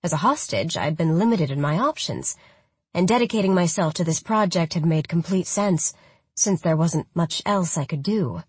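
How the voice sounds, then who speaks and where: A woman narrating a first-person audiobook in a reflective, even manner. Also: on the low side, moderate pace, husky, dry recording.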